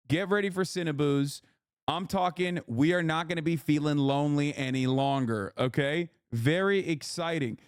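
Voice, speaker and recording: A man live-streaming to his chat, emphatic and profane, often checking in with a quick question. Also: on the high side, clean tone, no room sound, clean studio sound. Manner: emphatic, profane, keeps asking "okay?". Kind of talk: livestream chat.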